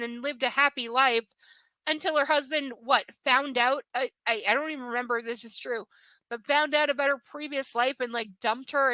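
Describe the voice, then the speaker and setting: Blunt, bright-voiced woman book reader. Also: high voice, no room sound. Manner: blunt, sarcastic, swears freely. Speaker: host reading a novel aloud. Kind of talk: live reading with casual commentary.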